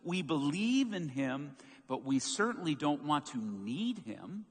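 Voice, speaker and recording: A man preaching a sermon as pastor, telling a story with lively, acted-out moments. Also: fairly high pitch, unhurried, husky. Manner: animated storytelling, acts out quoted shouts. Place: church sanctuary. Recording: long church hall reverb.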